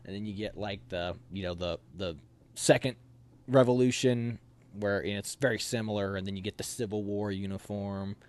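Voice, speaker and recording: A young man casually telling animated stories from army training, laughing and acting out other people's lines. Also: lowish voice, moderate pace, clean tone. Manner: animated, laughs while telling, acts out quotes. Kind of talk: casual storytelling.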